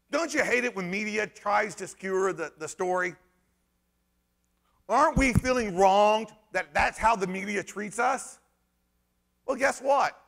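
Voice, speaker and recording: A man giving an animated conference talk, sarcastic and emphatic, rambling through restarts and breaking into shouts. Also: high-pitched, vocal fry. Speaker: conference speaker. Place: conference hall stage.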